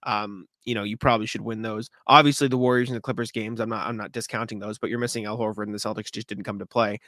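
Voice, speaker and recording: A man co-hosting a sports podcast, talking fast in casual chat, often repeating words and clearing his throat. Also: fairly low pitch, fairly even intonation, a bit bright, no room sound, studio quality.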